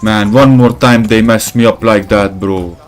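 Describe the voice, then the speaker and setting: A man giving casual gameplay commentary, rambling and swearing, who gets animated when he tells stories. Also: fairly low pitch, measured pace, faint music behind. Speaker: gaming channel host.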